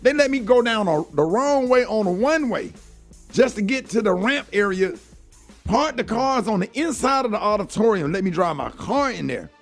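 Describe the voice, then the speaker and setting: Middle-aged man, high voice, earnest radio host, heartfelt storytelling, faint music behind. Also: expressive, normal speed. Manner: earnest, heartfelt, fills talk with "man" and "you know". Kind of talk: storytelling on a morning show.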